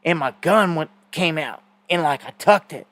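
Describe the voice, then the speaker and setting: Male stream host, casual rambling storyteller, somewhat high voice, dead-dry sound. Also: moderate pace, fairly bright tone, no room sound. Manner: rambling storytelling with fillers and repeated words. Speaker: host of a live news stream. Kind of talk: casual live-stream monologue.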